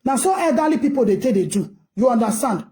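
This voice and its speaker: A woman's voice: a little high, expressive, fast, dark tone. A Nigerian woman giving ranting commentary, scolding and asking rhetorical questions in a mix of English and Pidgin.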